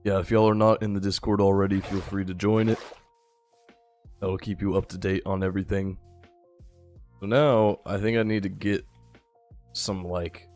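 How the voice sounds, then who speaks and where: A tired young man giving relaxed, rambling live-stream commentary while he plays, chatting with his viewers. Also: low voice, normal speed, long pauses, faint music behind. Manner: laid-back, rambling, chats with viewers. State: a little tired. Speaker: gaming streamer.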